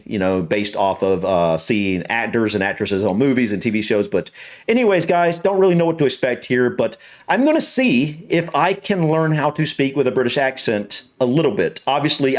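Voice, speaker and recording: An American man hosting a reaction video, chatting casually from an upstairs room at home in a rambling way, full of fillers and restarts. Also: medium pitch. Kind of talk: casual chat.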